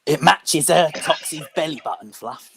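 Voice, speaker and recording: A woman joining a casual group chat, laughing and speaking slowly. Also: low voice, lively intonation, creaky, crowd noise.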